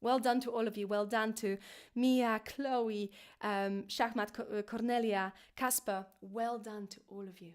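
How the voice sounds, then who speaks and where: A woman teaching an online singing lesson, encouraging and playful, now and then jumping into a high head voice. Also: steady tone, unhurried, clear, resonant tone.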